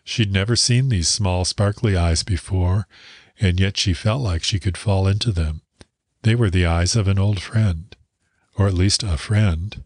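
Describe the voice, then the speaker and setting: Deep-voiced man narrating a story. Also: a little slow, darkish tone, slightly rough, no room sound, studio quality. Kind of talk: audiobook narration.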